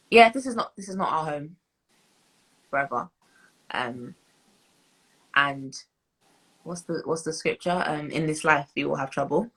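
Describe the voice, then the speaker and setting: Being interviewed, a young British woman in her twenties looks back reflectively, laughing as she shares stories and frequently restarting or using fillers. Her voice is low-pitched with a fairly bright tone, and the recording is rough.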